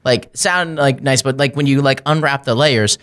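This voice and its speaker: A man guest on a tech news roundtable, talking in halting runs with many fillers. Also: medium pitch, fairly bright tone. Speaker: guest commentator. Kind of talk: casual roundtable chat.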